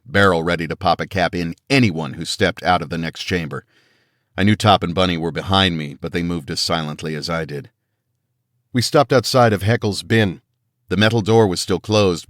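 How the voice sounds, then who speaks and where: A man's voice: low-pitched, no room sound, clean studio sound. A man reading a first-person action audiobook in a tense, dramatic storytelling manner. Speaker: audiobook narrator. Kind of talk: first-person scripted narration.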